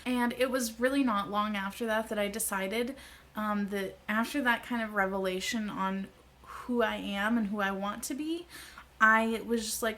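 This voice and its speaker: A woman's voice: on the high side, normal speed, fairly bright tone. A woman in her thirties telling a personal story to camera in a chatty, candid vlog, laughing easily. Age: 30s. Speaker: vlogger.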